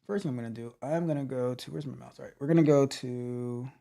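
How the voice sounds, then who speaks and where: A man coaching on tech during a live coding walkthrough, thinking aloud with halting restarts and trailing off. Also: mid-range voice, creaky, dark tone.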